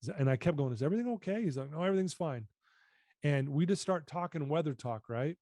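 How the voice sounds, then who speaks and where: Earnest man telling his story, mellow voice. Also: a little high, lively intonation, quick pace, no room sound, studio quality. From United States. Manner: earnest, reflective, often drops voice. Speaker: podcast guest. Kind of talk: personal storytelling.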